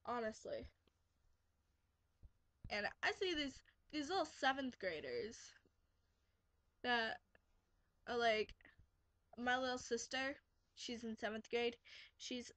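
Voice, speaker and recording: A woman's voice: on the high side, animated, slow, long pauses, fairly bright tone, dry recording. Sarcastic teenage girl ranting. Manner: sarcastic ranting, quotes kids in mocking voices. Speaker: vlogger. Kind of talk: casual rambling vlog. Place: bedroom, sitting on her bed.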